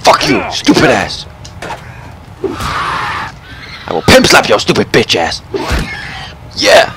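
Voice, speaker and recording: Young male let's player, brash and foul-mouthed, very animated pitch. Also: slow, very noisy. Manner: loud, profane, yelling at the game. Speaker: gameplay commentator. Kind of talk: let's play commentary.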